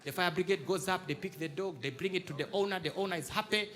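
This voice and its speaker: A man's voice: sits high, quick pace. A Ugandan man with a Ugandan English accent, performing stand-up comedy on a theatre stage and acting out the people in his stories. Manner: animated storytelling, acting out voices. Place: large theatre stage before a live audience. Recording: live theatre recording with crowd noise. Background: audience laughter.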